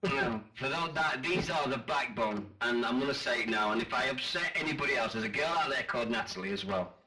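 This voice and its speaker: A man's voice: mid-range voice, brisk, sharp tone, faint music behind. A man in his forties with a Northern English accent, hosting a chat radio show with boisterous, teasing banter and casual swearing. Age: 40s.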